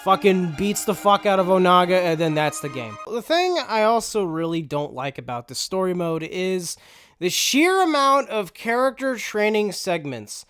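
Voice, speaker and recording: A man's voice: high-pitched, very animated, moderate pace, a bit bright, clear, resonant tone, no echo, soft background music. A man giving a casual, sarcastic, profanity-laced recap of a game story as a reviewer.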